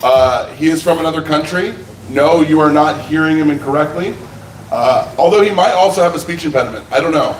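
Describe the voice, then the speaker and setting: A man's voice: on the high side, brisk, slight background noise. A man hosting a comedy show, introducing acts with upbeat patter. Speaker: host. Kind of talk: emcee introductions. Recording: echoey room from far off, crowd.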